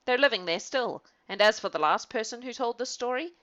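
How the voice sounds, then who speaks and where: A woman reading a fairy tale aloud in an animated way, with laughing asides to her listener. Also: on the high side, a little fast, muffled recording. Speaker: storyteller. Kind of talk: storybook reading.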